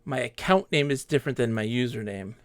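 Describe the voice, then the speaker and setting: A man live-streaming a game, chatting casually with viewers and telling animated stories. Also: mid-range voice, a little fast, dry recording. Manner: animated storytelling, acts out quoted players. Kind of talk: casual live-stream chat while gaming.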